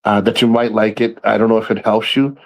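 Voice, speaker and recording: A man doing a calm, friendly buddy with a gift. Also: on the low side, a little fast, vocal fry, pitched below the performer's own voice, rough recording. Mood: reassuring.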